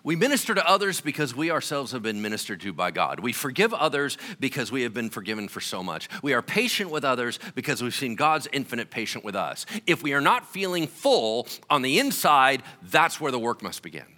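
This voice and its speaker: A male pastor preaching a sermon in an animated, conversational way with casual slang. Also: medium pitch, a little fast, few pauses.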